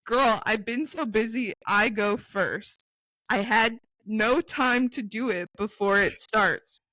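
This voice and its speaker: A young woman in her twenties tells a story on a casual chat podcast, and her voice has a bright edge. She swears freely and rattles off old text messages quickly. The sound is close and dry, with little sense of a room. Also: on the high side, no echo, poor audio. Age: 20s. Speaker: podcast co-host.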